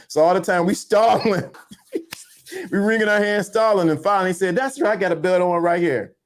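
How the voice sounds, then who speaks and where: A man's voice: sits high, brisk. A man, co-hosting a podcast and telling stories while he acts out the voices of the people in them. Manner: animated storyteller acting out voices. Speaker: podcast co-host. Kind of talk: casual storytelling chat.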